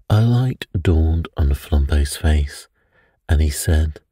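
A man narrating a bedtime story softly and evenly, meant to help listeners sleep. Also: a bass voice, slow pace, breathy edge, no echo. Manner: soft and even for sleep.

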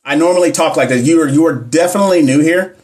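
A man hosting a casual live-stream Q&A as a nurse educator, talking fast and slangy and addressing the chat directly. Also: on the high side, darkish tone. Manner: fast-talking, talks fast all the time.

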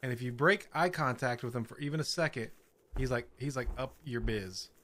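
A man's voice: mid-range voice, fairly quick, bright, forceful tone, a little hiss or hum. A man playing a horror game, nervously commenting, laughing and swearing as he goes. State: scared, on edge. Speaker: gaming channel host.

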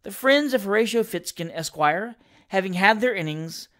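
Lively, expressive audiobook reader. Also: medium pitch, moderate pace. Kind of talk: reading a classic novel aloud.

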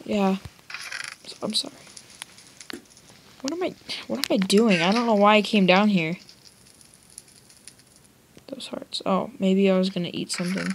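A woman's voice: mid-range voice, measured pace, long pauses, background noise. A young woman giving rambling, jokey commentary on her own gameplay and talking straight to her viewers. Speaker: let's play gamer. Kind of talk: casual game commentary.

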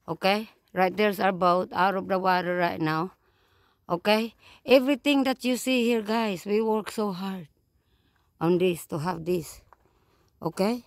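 An older Filipino-accented woman vlogs on a phone camera at a campground, speaking slowly to her viewers. Her voice is gravelly, and the sound is dry and close. She calls out to the audience over and over with "guys" and "okay.". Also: mid-range voice, no echo. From Philippines. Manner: upset, talks straight to viewers with repeated "guys" and "okay". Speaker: vlogger, truck driver. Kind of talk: casual vlog walkthrough. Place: outdoors at a campground, then inside a small home.

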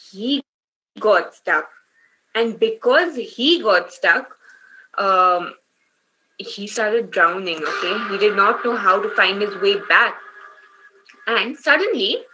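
A woman's voice: mid-range voice, low-quality recording. A woman teaching children in an online workshop, retelling a story and running quizzes, encouraging them and often checking in with "okay?".

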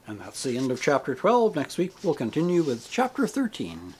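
A man reading a book aloud, measured and expressive. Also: mid-range voice, breathy edge. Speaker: reader. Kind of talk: audiobook reading.

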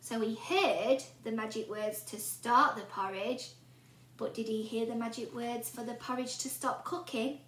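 In an echoey room, a woman teacher reads a storybook to young children with animation, pausing to ask them questions. Her voice is fairly high and measured, and there is a slight hiss or hum in the audio.

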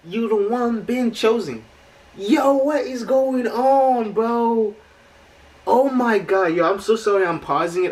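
A man hosting a music video reaction, talking casually and getting loudly excited, his voice cracking as he gushes. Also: a little high. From United States. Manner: hyped, exclamatory, voice cracking with excitement. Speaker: YouTube reaction host. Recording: music from the video playing loud behind. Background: music video playing.

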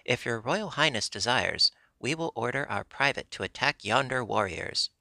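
A fussy, cowardly storybook general who speaks in a pompous, overly polite way, read by a man. The voice is gravelly and bright, recorded close and dry. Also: medium pitch, lively intonation, moderate pace, no echo, full character voice.

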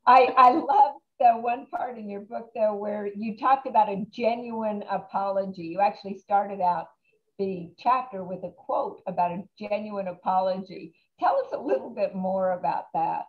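A woman's voice: medium pitch, moderate pace, phone-quality sound. A woman hosting a live interview, encouraging and enthusiastic toward her guest.

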